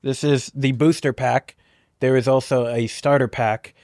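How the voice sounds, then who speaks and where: A man co-hosting a comedy podcast, chatting in a relaxed, rambling way full of restarts. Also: mid-range voice, measured pace, no echo, studio quality. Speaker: podcast co-host. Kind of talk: casual comedic banter.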